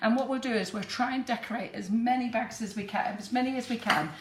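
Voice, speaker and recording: A woman's voice: a little high, quick pace. A woman with a broad northern English accent chatting her way through a live baking demonstration in a kitchen, laughing often. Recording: roomy kitchen with background noise.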